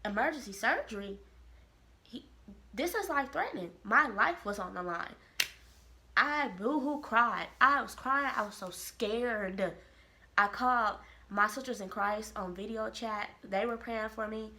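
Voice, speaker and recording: A woman from Kansas City, telling a personal story to camera in a lively, expressive way. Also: a little high, a little slow. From Kansas City, Missouri. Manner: animated, expressive storytelling with quoted voices. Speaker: vlogger. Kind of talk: casual storytelling.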